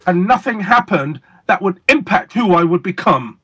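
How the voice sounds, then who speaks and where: A man being interviewed as a guest magician, telling stories in a deliberate, emphatic way with pauses for effect. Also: sits high, animated, sharp tone, slightly rough. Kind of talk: casual interview storytelling.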